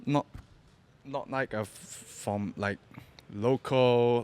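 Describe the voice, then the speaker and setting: A young man from Hong Kong, a podcast guest, tells his story casually in broken English with a Cantonese accent, often repeating words. His voice is lowish, slow and level, with a darkish, clean tone.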